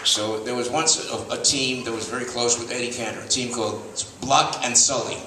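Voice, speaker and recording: A man's voice: mid-range voice, fairly even intonation, fairly quick, noisy background. An older man telling rambling show-business anecdotes on stage before a live audience, restarting often. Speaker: stand-up storyteller, veteran TV host. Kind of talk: stand-up anecdotes. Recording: echoey room, mic at a distance, faint ambience.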